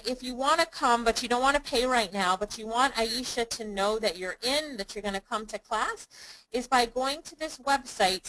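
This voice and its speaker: A woman's voice: fairly high pitch, fairly bright tone, rough recording. A woman hosting a live online webinar, upbeat and chatty, calling on viewers by name. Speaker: online business course host.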